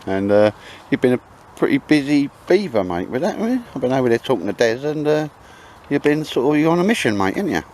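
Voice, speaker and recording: A man's voice: medium pitch, sing-song, fast, darkish tone, a little hiss or hum. A man hosting a vlog, chatting and joking casually outdoors in the woods, calling everyone mate. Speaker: vlog host. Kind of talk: casual banter. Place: outdoors in cold wet woods.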